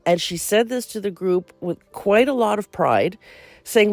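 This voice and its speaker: A woman's voice: medium pitch, animated, measured pace, a little mellow, no echo. A woman hosting a faith podcast, talking earnestly in a monologue that turns incredulous and indignant. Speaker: host.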